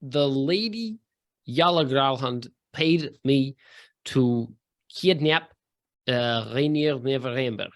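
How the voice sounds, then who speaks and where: Man voicing a Russian-accented mercenary swordsman, slow, deliberate, broken grammar, lowish voice. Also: natural voice. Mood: accusing.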